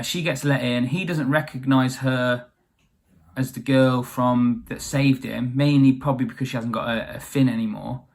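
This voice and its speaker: A man retelling a fairy tale as comedy, rambling with wry asides and lots of fillers. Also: mid-range voice. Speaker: storyteller.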